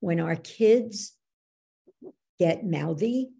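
A woman coach explaining how beliefs work, teaching through lively anecdotes and acting out what people said. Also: on the low side, very slow, gravelly, slightly rough. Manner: animated storyteller, acts out quoted dialogue. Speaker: belief coach, podcast guest.

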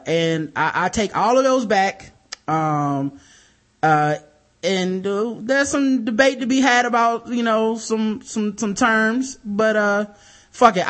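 A young man co-hosts a podcast in a relaxed, rambling way. He swears freely, leans on fillers and drifts into loose asides. His voice sits a little high for a man. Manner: laid-back, rambling, profane, with many fillers. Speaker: podcast co-host. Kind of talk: casual podcast chat.

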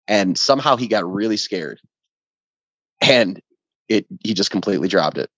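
Animated storytelling man, lo-fi sound. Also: on the low side, moderate pace, pauses often, no room sound. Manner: animated, acts out quoted voices, swears freely. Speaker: band member guest. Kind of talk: casual podcast storytelling. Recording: dull lo-fi dry sound.

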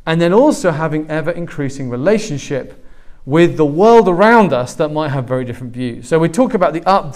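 English pastor with a higher voice. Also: male voice. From England. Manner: warm, joking, talks with the congregation. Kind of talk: sermon. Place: church hall with a live congregation.

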